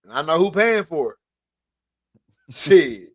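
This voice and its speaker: Male co-host, high voice, blunt joking sports banter. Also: sing-song, slow. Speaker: podcast co-host. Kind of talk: casual sports talk.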